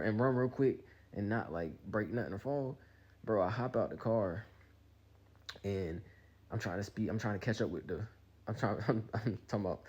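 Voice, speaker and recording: A man in his twenties tells a rambling, animated storytime full of slang. His voice is low, mellow and a little husky, and he talks quickly. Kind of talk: casual storytime.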